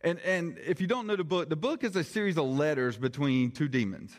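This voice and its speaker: A man's voice: fairly high pitch, fairly quick. Chatty man preaching a sermon. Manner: chatty, animated, jokey asides. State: slightly strained voice. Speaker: lay preacher, congregational elder. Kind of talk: conversational sermon.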